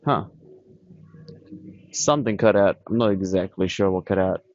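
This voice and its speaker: A man with a fairly low voice rambles bluntly to his camera, dismissive and repetitive. The sound is dry and close, with dull lo-fi camera audio. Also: moderate pace, no echo. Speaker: vlogger. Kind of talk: casual rambling monologue. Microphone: camera on tripod.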